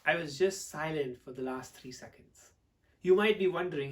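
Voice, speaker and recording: Expressive male speaking coach, distant mic. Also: a little high, a little fast. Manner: expressive, swings between loud and hushed delivery to demonstrate. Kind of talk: teaching talk to camera.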